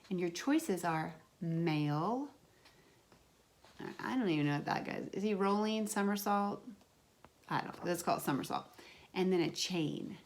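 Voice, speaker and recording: A woman's voice: mid-range voice, a little mellow, a little hiss or hum. A woman teaching a remote lesson to young children as their kindergarten teacher, drawing out words in a sing-song way.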